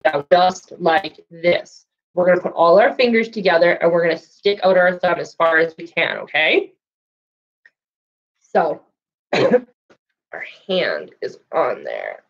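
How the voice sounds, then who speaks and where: A woman's voice: lowish voice, very animated, slow, pauses often, muffled recording. A woman librarian reading a farm picture book aloud to young children, asking them questions, then leading a handprint painting craft. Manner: sing-song storytelling, asks children questions. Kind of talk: storytime read-aloud and craft lesson. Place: library, indoors.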